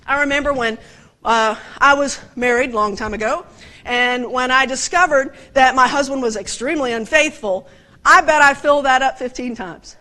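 A woman preaching a conversational sermon, animated and often putting direct questions to her listeners. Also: high-pitched, moderate pace.

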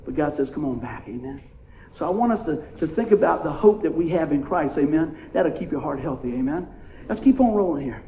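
A man's voice: fairly high pitch, lively intonation, fairly quick, mellow, reverberant, a little hiss or hum. A man preaching a sermon, playful and conversational, asking the congregation "amen?" as he goes. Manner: playful, call-and-response preaching with frequent "amen?". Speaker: pastor.

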